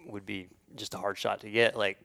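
A man co-hosting a podcast who explains his ideas in an easy, casual way. His voice is fairly low with a gravelly fry. The close mic gives a dry sound. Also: flat delivery, moderate pace, sharp tone, no echo. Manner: explanatory, laughs easily. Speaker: podcast co-host, hunting photographer.

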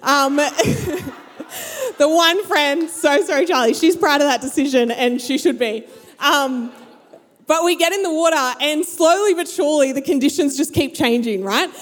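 A woman's voice: high-pitched, expressive, unhurried. A young adult woman, telling a story to a live audience and acting out her friends' voices. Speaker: speaker. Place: large hall with an audience. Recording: long hall reverb.

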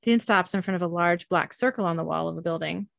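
A woman's voice: fairly low pitch, fast, gravelly, no room sound. A young woman hosting a podcast, casually reading an episode recap aloud with frequent ums. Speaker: podcast host.

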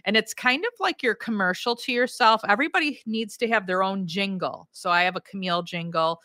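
A woman's voice: mid-range voice, brisk, sharp tone, dry recording, studio quality. A woman hosting a podcast, giving enthusiastic self-help advice, laughing often and acting out quoted lines. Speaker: podcast host. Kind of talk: upbeat coaching talk.

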